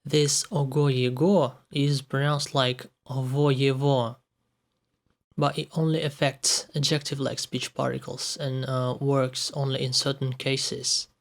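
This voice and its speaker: Very slow man with a Russian accent. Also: medium pitch, level tone, vocal fry. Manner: slow, deliberate, carefully spelling out each example word. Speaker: language teacher. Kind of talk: recorded pronunciation lesson.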